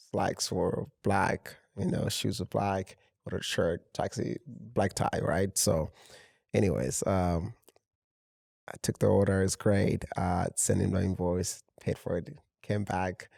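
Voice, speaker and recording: A man, a fashion house founder, telling a lively anecdote in a casual interview. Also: sits low, gravelly, breathy edge, dry recording, clean studio sound. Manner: animated anecdote telling with fillers. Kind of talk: casual storytelling chat.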